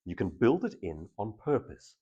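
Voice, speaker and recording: A man's voice: on the low side, sing-song, moderate pace, dark tone, husky, muffled recording. A man, a public speaking trainer, giving a live workshop talk to an audience and shifting between intense and casual delivery.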